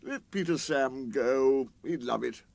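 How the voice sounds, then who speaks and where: A man's voice: mid-range voice, slow pace, gravelly, a little mellow, no echo. A man voicing a grumpy, conceited male steam engine in a storybook reading, with a haughty, complaining manner. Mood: sulky.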